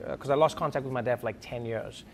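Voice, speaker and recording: A man, telling chatty, animated stand-up stories. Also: mid-range voice, fast talker, gravelly, a little hiss or hum. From South Africa. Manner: animated, chatty, frequent "like" fillers. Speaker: stand-up comedian. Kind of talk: stand-up storytelling.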